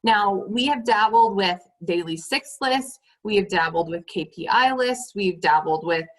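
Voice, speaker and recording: A woman's voice: mid-range voice, animated, measured pace, rough recording. A woman leading her sales team on a motivational call. She talks emphatically, repeats her points and keeps turning to the listeners as "you guys".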